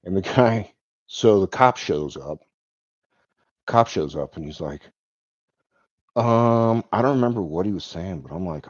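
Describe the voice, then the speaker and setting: A man's voice: lowish voice, expressive, normal speed, no room sound. A man telling a personal story in a rambling way, with lots of "like" and "um" and the odd chuckle. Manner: rambling, full of "like" and "um", chuckles now and then. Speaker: vlogger. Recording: dull lo-fi dry recording.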